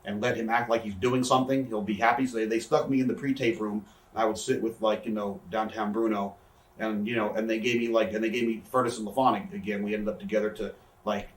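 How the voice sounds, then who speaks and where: A man in his thirties telling a backstage story in a casual interview, rambling, animated and swearing. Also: fairly low pitch, fast, reverberant, recorded from a distance, rough recording. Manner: rambling, animated, swears, acts out quoted voices. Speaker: interview guest, wrestler.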